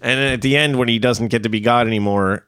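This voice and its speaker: A middle-aged man co-hosting a casual podcast, telling stories in a profane, animated way with lots of restarts. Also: mid-range voice, fast, clear, resonant tone, no room sound, clean studio sound. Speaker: podcast co-host.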